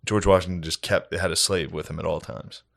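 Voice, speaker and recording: A man in his thirties, a podcast co-host, telling a comedic story in an animated way and breaking into high put-on voices to quote people. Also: fairly quick, creaky.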